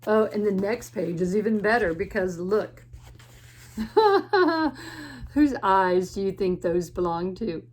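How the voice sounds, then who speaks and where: A woman teacher reading a picture book aloud to children in a gentle way, pausing to ask the listener questions. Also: mid-range voice, lively intonation. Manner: gentle, asks the listener questions, laughs often.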